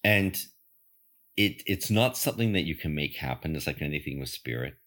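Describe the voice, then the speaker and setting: A man's voice: extremely low pitch, expressive, normal speed, fairly bright tone. An older man hosting a spiritual podcast, telling a personal story in an earnest, emphatic, reflective monologue. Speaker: podcast host and medium.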